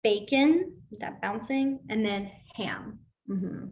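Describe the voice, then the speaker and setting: A woman's voice: medium pitch, slow, a little hiss or hum. A woman teaching a casual sign language class, chatty and full of fillers as she demonstrates and tells stories. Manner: chatty, filler-heavy, animated storytelling.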